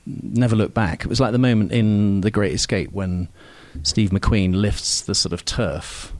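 A novelist being interviewed tells casual, rambling stories about himself in a self-deprecating way, with frequent ums and restarts. His fairly low voice is unhurried and fairly even in intonation, and there is no room sound.

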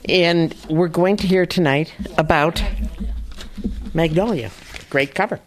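Low-voiced woman introducing an author. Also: measured pace, a little hiss or hum. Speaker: bookstore staff introducing the guest. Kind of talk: brief live introduction.

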